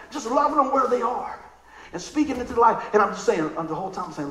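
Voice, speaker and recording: Excitable high-voiced preacher man. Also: fast talker, reverberant, low-quality recording. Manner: animated, excitable storytelling; conversational, asks the crowd questions. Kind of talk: sermon.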